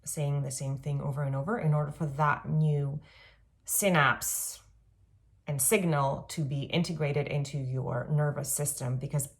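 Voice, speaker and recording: A woman in her thirties talking casually and reflectively in a self-help monologue, often pausing on "um" and "like". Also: sits low, vocal fry. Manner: gentle, reflective, with frequent "um" and "like".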